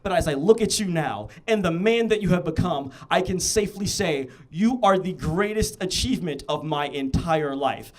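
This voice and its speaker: A woman's voice: fairly low pitch, expressive, moderate pace, hardly any pauses, close to an everyday voice. A man voicing his middle-aged Nigerian mother, a blunt, doting woman who sweet-talks and calls him honey. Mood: earnest.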